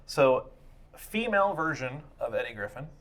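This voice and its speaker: Blunt crude podcast host. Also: male voice, medium pitch, very animated, normal speed, a bit bright. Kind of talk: casual podcast banter.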